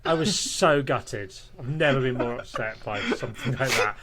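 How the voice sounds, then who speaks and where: A man's voice: mid-range voice, normal speed, very noisy. A man, a podcast guest, telling a long casual anecdote, rambling with restarts and breaking into laughter.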